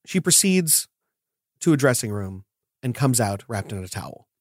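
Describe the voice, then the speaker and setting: A man's voice: mid-range voice, very animated, normal speed, dry recording, clean studio sound. A man narrating a tabletop game as game master, describing scenes in detail.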